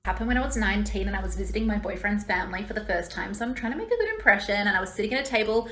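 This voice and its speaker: An Australian woman in her thirties, telling a story to camera in an animated, exasperated way. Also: mid-range voice, rapid-fire, roomy sound. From Western Australia.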